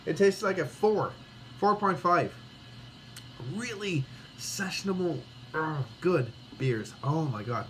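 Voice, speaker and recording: A man tasting and reviewing beer in a casual vlog, excitable and rambling, swearing freely and a bit tipsy after several beers. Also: a little high, a little slow, a little hiss or hum. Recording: music playing clearly behind the voice.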